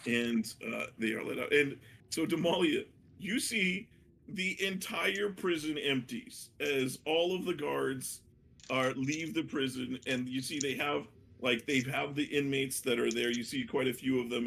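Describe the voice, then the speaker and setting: A man narrating a tabletop game as dungeon master, hesitant and full of fillers, with a gravelly voice. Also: medium pitch, steady tone, measured pace, fairly bright tone. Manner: hesitant, many fillers and restarts.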